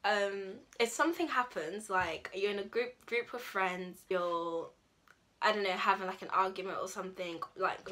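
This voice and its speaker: A woman's voice: on the low side, sharp tone. A young woman, chatting casually to the camera as she explains slang, using lots of fillers. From United Kingdom. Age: young adult. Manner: chatty, filler-heavy, acts out example phrases. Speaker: language vlogger.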